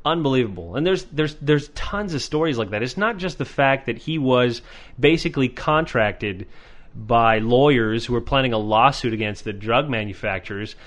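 A man hosting a podcast in casual chat, animated and sarcastic, swearing freely. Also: medium pitch, moderate pace. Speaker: podcast host.

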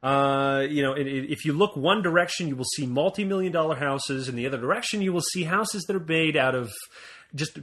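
A man from Montreal co-hosting a casual podcast, telling stories with jokes and lively asides. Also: a little high, a little fast. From Montreal, Canada. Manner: joking, animated storytelling. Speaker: podcast co-host.

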